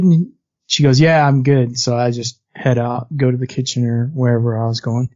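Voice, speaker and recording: A man's voice: medium pitch, flat delivery, normal speed, darkish tone. Sarcastic man telling a story on a podcast. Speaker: podcast co-host. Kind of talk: casual podcast chat. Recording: dull lo-fi podcast audio.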